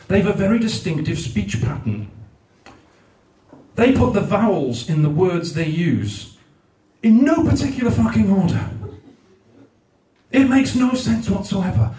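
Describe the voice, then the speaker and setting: Stand-up guy from south wales, fairly high voice, brash and sweary, roomy venue, mic a way off. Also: a little mellow. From Newport, South Wales. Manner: brash, sweary, quick asides to the crowd. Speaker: stand-up comedian. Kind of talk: stand-up routine. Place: live comedy venue, large room. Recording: echoey room heard from a distance.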